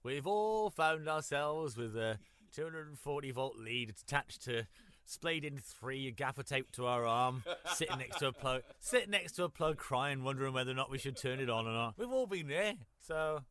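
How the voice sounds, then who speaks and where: A man's voice: mid-range voice, lively intonation, normal speed, fairly bright tone, no room sound. A man co-hosting a podcast over a video call, full of crude, playful banter and silly sound effects. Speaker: podcast co-host. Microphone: headphones and mic on a video call.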